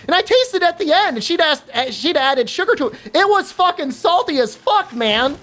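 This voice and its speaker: A woman streamer chatting casually while gaming, telling an animated story with lots of fillers and free swearing. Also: sits high, a little slow, faint music behind.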